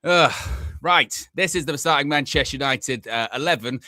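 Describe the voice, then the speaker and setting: Bright-voiced excitable male football host. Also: on the high side, moderate pace, no room sound. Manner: excitable, chatty, laughs often. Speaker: fan channel host. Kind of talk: live football watchalong chat.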